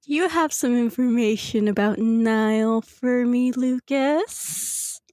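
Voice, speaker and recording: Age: young adult. Figure: a woman voicing a calm, stern, softly probing young woman. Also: a little high, slow pace, no echo, studio quality. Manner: soft-spoken, probing, lightly teasing. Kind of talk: tabletop role-play voicing.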